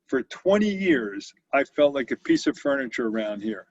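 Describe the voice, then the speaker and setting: A man voicing an older male space agency boss who declares a mission with booming emphasis. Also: sing-song, normal speed, dry recording, dull audio. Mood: fired up.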